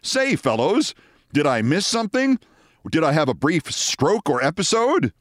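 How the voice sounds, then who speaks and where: A man's voice: on the high side, big pitch swings, a little slow, fairly bright tone, dry recording, clean studio sound. A man putting on the voice of a genteel, old-fashioned male TV producer, courtly and folksy. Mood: puzzled.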